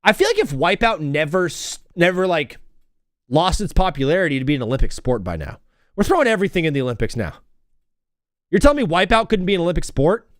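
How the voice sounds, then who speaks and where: A man's voice: fairly high pitch, very animated, quick pace, no echo, studio quality. A young man hosting a casual live sports stream, rambling and joking while he calls game plays as they happen. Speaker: livestream sports host.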